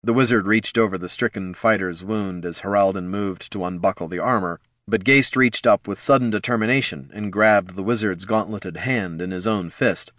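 A man reading a fantasy story aloud in a steady, measured way, his voice sitting on the low side. The close studio recording is dry, with no room sound around him. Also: no echo. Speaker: audiobook narrator. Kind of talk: scripted fantasy narration.

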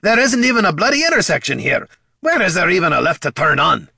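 A man voicing a gruff, battle-hardened male dwarf who talks bluntly and sarcastically. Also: medium pitch, big pitch swings, a little fast, pushed and bright, no echo, studio quality, voice pushed up, heavily acted.

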